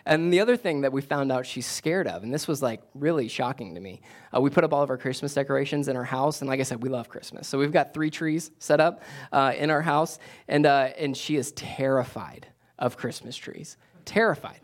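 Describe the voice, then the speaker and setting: A man with a mid-range voice preaches a sermon from the pulpit as a pastor. He repeats his key lines for emphasis and restarts his sentences as he goes. On the points he presses hardest, his voice climbs higher and louder. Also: fairly quick.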